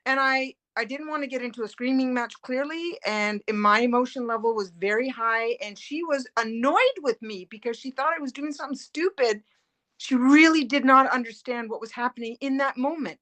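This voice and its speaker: A middle-aged woman with a bright, forceful voice, pitched a little high, recounts her caregiving experience. She talks earnestly and vividly, with plenty of "uh" and "you know" as she goes. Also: moderate pace. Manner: earnest, animated retelling with fillers. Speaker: family caregiver, guest. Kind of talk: emotional personal storytelling.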